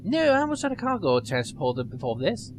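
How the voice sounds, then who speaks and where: A man's voice: on the high side, wildly swooping pitch, a little fast, background noise. A man voicing a nerdy young female starship pilot in a video game playthrough, prim, formal and earnest. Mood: polite.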